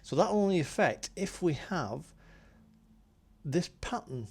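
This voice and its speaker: A man casually walking through his synth module's settings, thinking aloud with plenty of ums and pauses. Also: on the high side, very animated, slightly rough. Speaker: synth hobbyist demonstrating gear. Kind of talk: casual tutorial walkthrough.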